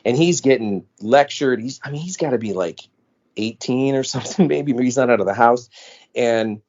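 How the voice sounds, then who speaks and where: Podcast co-host, American man, lively storyteller, dull lo-fi sound. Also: medium pitch, moderate pace. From United States. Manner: animated storyteller, acts out quoted voices. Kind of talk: casual storytelling chat. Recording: dull lo-fi audio.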